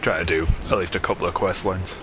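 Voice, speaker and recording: A man's voice: deep voice, fairly even intonation, fast, noisy background. A man giving casual gameplay commentary, rambling and chatty with many ums and mild swearing. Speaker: gamer.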